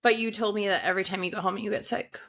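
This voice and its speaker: A woman's voice: medium pitch, steady tone, rapid-fire, a bit bright. A young adult woman co-hosting a podcast, chatting casually and offering supportive reactions. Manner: supportive, short reactions, easy laughs. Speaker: podcast co-host. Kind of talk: casual chat.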